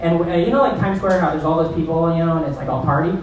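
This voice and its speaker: Profane stand-up host in a roomy club. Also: male voice, a little high, fast talker, slight background noise. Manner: loose, profane, rambling storyteller. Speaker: comedy show host. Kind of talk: stand-up comedy. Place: comedy club stage. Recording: roomy, distant club recording.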